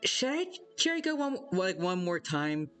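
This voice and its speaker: While gaming on a live stream, a man speaks at normal speed with a high, fairly bright, very animated voice, and faint music plays behind him. He chats casually, rambling and hesitant, reading viewers' messages and greeting them by name.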